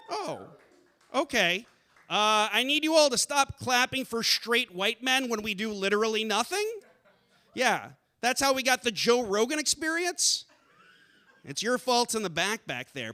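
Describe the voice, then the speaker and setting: A man doing a stand-up set on a theater stage, deadpan and self-deprecating, bursting into shouted rants. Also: sits high, clear, resonant tone. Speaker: stand-up comedian.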